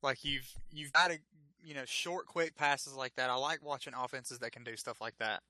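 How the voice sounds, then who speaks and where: A man's voice: medium pitch, fairly even intonation, normal speed, sharp tone, dry recording. A man with a Southern US accent doing casual, chatty play-by-play commentary on a football game stream. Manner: chatty, laid-back, jokey asides.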